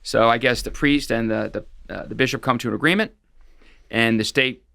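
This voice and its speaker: Gravelly man telling a story. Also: mid-range voice, brisk, sharp tone, no room sound. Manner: rambling, with frequent restarts and fillers. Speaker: guest expert on financial fraud. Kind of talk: casual interview storytelling.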